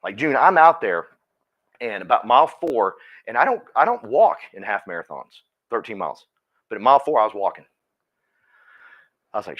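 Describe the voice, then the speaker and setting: Energetic folksy man, motivational talk. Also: on the low side, a little fast, muffled recording. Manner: energetic, folksy, repeats words, laughs often. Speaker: team leader speaking at a company meeting.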